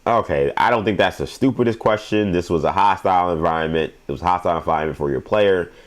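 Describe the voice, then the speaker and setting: A man's voice: sits low, fast. A young adult man hosting a sports show, giving rambling, emphatic commentary and laughing at his own stories.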